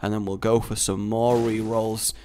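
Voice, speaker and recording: A man giving casual let's-play commentary, excitable and gleeful, laughing often. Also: fairly low pitch, normal speed. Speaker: gaming commentator.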